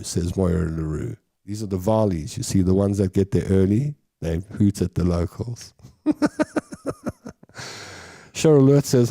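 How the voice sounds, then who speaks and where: A man's voice: low voice, expressive, measured pace, gravelly, mellow. A man hosting a casual live show, chatting in a rambling way and reading out viewer comments. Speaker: show host.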